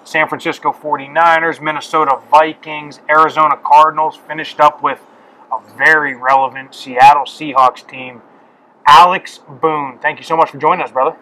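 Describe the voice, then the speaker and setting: A man's voice: a little high, fairly even intonation, normal speed, sharp tone, poor audio. A man co-hosting a sports podcast, interviewing a guest in a hyped, casual way. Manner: hyped, calls guest "brother". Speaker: podcast co-host.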